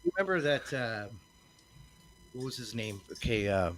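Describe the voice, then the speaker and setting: A man's voice: medium pitch, big pitch swings, normal speed, fairly bright tone. A man in his thirties on a podcast, throwing in crude wisecracks and short jokes during casual banter. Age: 30s.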